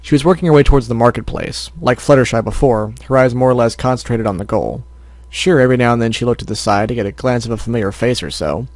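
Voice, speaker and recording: A man reads fan fiction aloud as an amateur audiobook, now and then stumbling and correcting himself. He talks fast in a mid-range voice, and the recording is dry.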